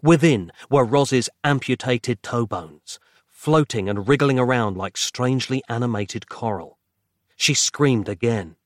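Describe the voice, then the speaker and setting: A man narrating a horror audiobook with dramatic, measured pacing. His voice sits at a middle pitch. It is recorded dry and close on a studio mic. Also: dry recording.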